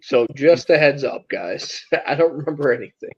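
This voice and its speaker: A man's voice: medium pitch, animated, normal speed, a little mellow, slightly rough, highs cut off. A man in a casual chat, joking and self-deprecating. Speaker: co-host.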